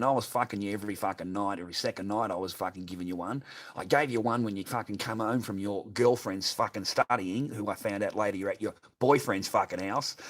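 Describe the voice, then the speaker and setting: A man's voice: fairly low pitch, fairly bright tone. A middle-aged man with an Australian accent, ranting in a profane, repetitive, bitter monologue to his stream.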